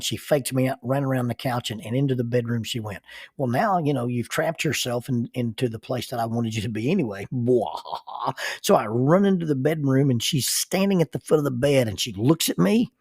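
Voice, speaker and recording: Male storyteller, husky, dry close sound, chuckles and restarts. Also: mid-range voice, no room sound. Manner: chuckles often, halting restarts, animated retelling. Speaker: counselor and minister telling life stories. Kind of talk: personal storytelling.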